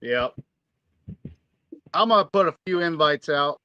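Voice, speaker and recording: A man's voice: a little high, lively intonation, unhurried, smooth. A man giving short, laid-back replies in a casual chat, over dull, lo-fi call audio.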